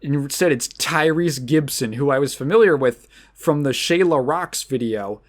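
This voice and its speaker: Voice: mid-range voice, normal speed. A young adult podcast host recapping a film in casual chat, rambling with restarts and fillers.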